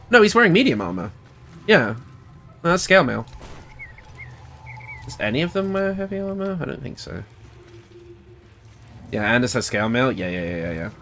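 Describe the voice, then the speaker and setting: British guy thinking out loud on a game stream, very animated, laughs a lot. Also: medium pitch, a little hiss or hum. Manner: thinks aloud, chatty, laughs often. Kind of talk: casual gameplay livestream commentary.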